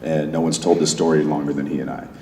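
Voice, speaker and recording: A man's voice: very deep voice, fairly even intonation, quick pace, creaky, warm tone, slight background noise. A man speaking as a panel guest in a large hall, rambling with many restarts. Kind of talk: convention panel talk. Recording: echoey hall from far off.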